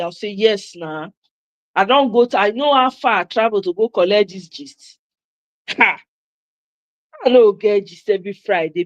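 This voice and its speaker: Nigerian woman host, playful and chatty with her live viewers, mid pitch, dry close mic. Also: fairly bright tone, dry recording. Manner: playful, switching into Pidgin, laughing often. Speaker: livestream host. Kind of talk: casual livestream chat with viewers.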